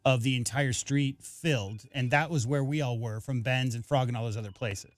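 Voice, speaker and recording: A man co-hosting a sports talk radio show, telling a quick anecdote. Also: mid-range voice, no room sound. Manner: rapid anecdotal chat. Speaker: radio co-host.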